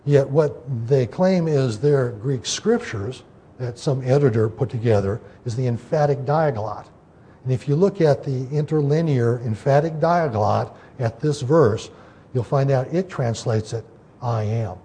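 A man's voice: medium pitch, unhurried, mellow, a little hiss or hum. A man teaching an informal Bible study, explaining scripture in a loose way with many fillers and restarts.

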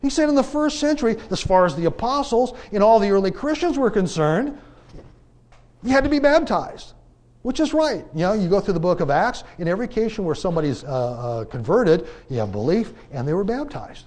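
A man teaching a Bible class in a conversational preaching style, asking rhetorical questions and pressing his points with emphatic swings in loudness. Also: high-pitched, big pitch swings, brisk.

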